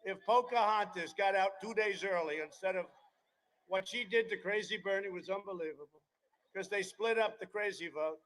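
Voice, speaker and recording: Higher-pitched older man rambling at a rally. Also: moderate pace, fairly bright tone, poor audio. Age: 70s. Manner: rambling, digressive, with mocking asides. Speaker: politician addressing a campaign rally. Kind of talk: campaign rally speech.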